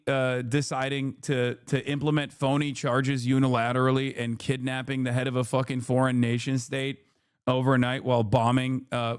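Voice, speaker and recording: A man's voice: medium pitch, clear, resonant tone. A man streaming live commentary on the news, sarcastic and profane, with frequent fillers and rhetorical questions. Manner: mocking and rhetorical.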